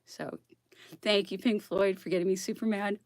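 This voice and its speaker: A woman's voice: medium pitch, fairly even intonation, moderate pace, no echo, clean studio sound. A woman blogger on a casual, worked-up rant who keeps asking "okay?" and laughs between her points.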